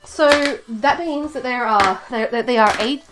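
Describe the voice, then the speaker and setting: A woman's voice: on the high side, unhurried, noisy background. A woman live-streaming from home, chatting casually and rambling with many fillers and restarts. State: out of breath.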